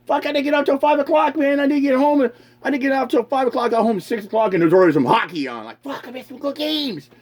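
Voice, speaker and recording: Rambling, swearing man with a lively voice. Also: extremely high pitch. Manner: swears constantly, rambling, laughs a lot. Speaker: podcast host. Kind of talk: casual profane rant.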